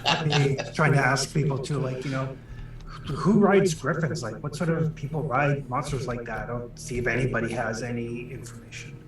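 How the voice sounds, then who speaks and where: A man's voice: mid-range voice, fairly even intonation, moderate pace. Hesitant man, echoey far-off mic. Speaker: player. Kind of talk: casual tabletop play. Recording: roomy, distant mic.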